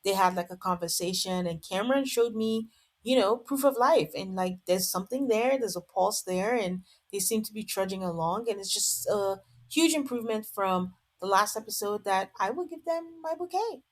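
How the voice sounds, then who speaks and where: A woman's voice: medium pitch, lively intonation, moderate pace. A woman hosting a podcast, giving a casual, amused recap full of "like". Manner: chatty, amused, lots of "like". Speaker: podcast host. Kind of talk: casual reality-show recap.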